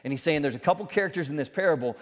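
A man preaching a sermon as pastor, speaking with animated emphasis and joking asides. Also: fairly high pitch, rapid-fire. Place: church sanctuary. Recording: church sanctuary with long reverb.

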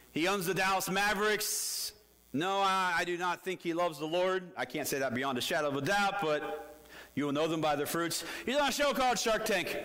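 A man's voice: high voice, bright, forceful tone. A man preaching a sermon as pastor, telling a story with animation and putting questions to the congregation.

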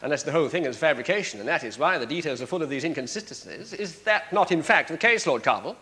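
Sly barrister grilling a witness, sardonic and theatrical, voice swings up and down a lot. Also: male voice, fairly high pitch, animated, quick pace, sharp tone. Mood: cross-examining. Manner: sardonic, probing, theatrical cross-examination. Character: sharp, sardonic male prosecuting barrister. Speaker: prosecuting barrister. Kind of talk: broadcast courtroom drama.

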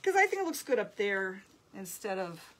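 A woman's voice: mid-range voice, very animated, moderate pace. A woman hosting a live craft demo, chatting in an upbeat way and reading out viewer comments. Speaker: craft video host.

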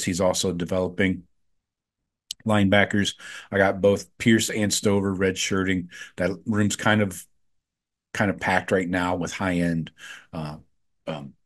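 A man hosting a sports podcast, chatting casually with lots of fillers and frank opinions. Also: low-pitched. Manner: offhand, filler-heavy, gives frank opinions.

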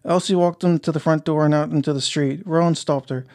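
Man reading a story aloud, steady. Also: fairly high pitch, fairly quick. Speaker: narrator. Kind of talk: audiobook narration.

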